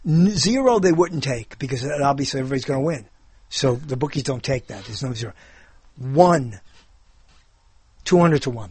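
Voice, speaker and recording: A man's voice: fairly high pitch, expressive, moderate pace, breathy edge, dry recording. A man hosting a show in casual comedic chat, rambling and jokey, now and then slipping into silly voices. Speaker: show host.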